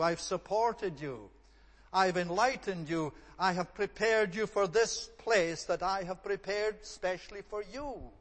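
Preaching with earnest emphasis, a fairly high-voiced man stacks repeated phrases to press each point. The surrounding hall gives his voice a long, ringing reverb.

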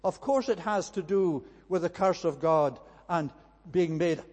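A man delivering a sermon as a minister, earnest and emphatic, often pausing with "eh" between phrases. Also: on the high side, a little mellow. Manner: earnest, emphatic preaching with frequent "eh" fillers. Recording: long reverb of a large hall.

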